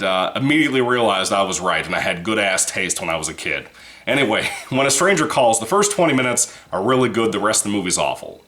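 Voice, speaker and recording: A man's voice: fairly low pitch, fairly bright tone. A man giving a casual, rambling movie review, swearing freely and laughing between points. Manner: rambling, profane, laughs often.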